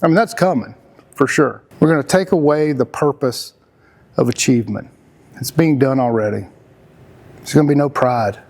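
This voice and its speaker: A man's voice: mid-range voice, moderate pace, long pauses, a little mellow. A middle-aged man, talking casually and earnestly as a podcast host, rambling and emphatic with frequent restarts. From Texas. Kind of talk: casual conversational talk.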